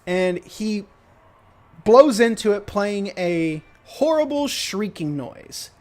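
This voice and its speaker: A man's voice: high-pitched, sing-song, slow pace, a little mellow. A young man narrating as game master, casual and hesitant, with many fillers.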